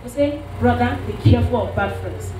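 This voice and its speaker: A woman's voice: fairly high pitch, animated, brisk. A woman preaching a sermon, asking the congregation to finish her lines. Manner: call-and-response, asks the congregation to finish lines. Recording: echoey, from a distance, with faint music.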